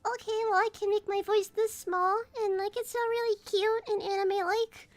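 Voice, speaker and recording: A woman putting on a tiny, small, squeaky anime-style girl voice, with faint game music behind. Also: level tone, normal speed. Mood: demonstrating. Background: faint background game music.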